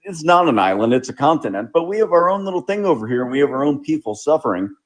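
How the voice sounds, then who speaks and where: A man, the show's host, giving measured political commentary in an explanatory way. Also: fairly high pitch, big pitch swings. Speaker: show host.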